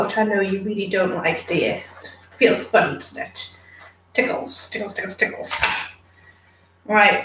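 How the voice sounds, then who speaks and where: Woman live streaming, chatty, coos at her dog, kinda high voice, roomy sound. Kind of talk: casual live chat with viewers. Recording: roomy, distant from the mic.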